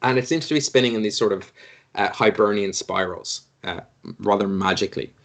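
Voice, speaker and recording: Game master narrating a tabletop game, low voice, rambling delivery. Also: male voice, brisk, a bit bright. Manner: meandering, hesitant narration with many fillers.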